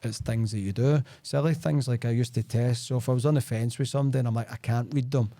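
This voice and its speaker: Mellow-voiced Scottish man chatting. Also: medium pitch, fast talker, no room sound. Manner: chatty storyteller, peppered with "like" and "right?". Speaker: sales expert guest. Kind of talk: casual podcast conversation.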